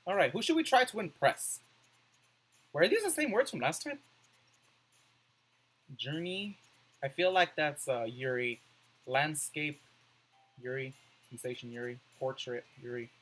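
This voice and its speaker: Man, let's play commentary, reads words off the screen, bouncy up-and-down pitch, bright tone. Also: expressive, unhurried, long pauses, poor audio. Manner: reads on-screen words aloud, muses over choices.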